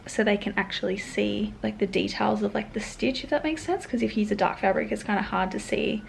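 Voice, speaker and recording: A sewing pattern designer in her twenties films a casual vlog in her bedroom, stressed and tearful, rambling anxiously with many fillers and some swearing. Her mid-range voice is creaky and fairly quick, and the room sounds echoey with faint background noise.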